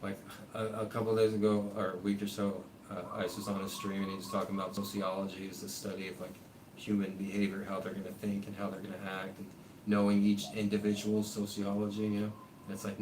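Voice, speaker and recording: A man's voice: on the low side, monotone, fast talker. A man hosting a live stream, ranting in a loose, rambling way full of fillers and swearing. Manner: rambling, profane, heavy on fillers. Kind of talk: casual rambling rant. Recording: echoey room, voice far from mic, faint noise.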